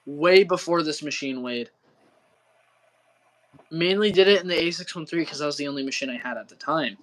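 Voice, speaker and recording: Rambling at a moderate pace, this young livestream co-host from Wisconsin talks in a slightly high voice. His casual chat is loaded with slang and curses, and he keeps calling people bro.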